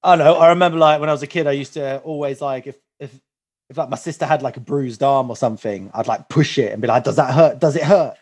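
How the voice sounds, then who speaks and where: A man's voice: medium pitch, fairly even intonation, quick pace. A young man on a podcast, telling a story in a loose, rambling way full of fillers. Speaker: podcast co-host. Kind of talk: casual chat.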